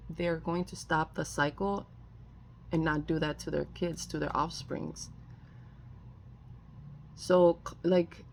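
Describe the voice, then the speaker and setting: A woman's voice: sits low, a little mellow. A woman giving a casual tarot reading, rambling with many fillers and restarts and often apologizing. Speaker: tarot reader.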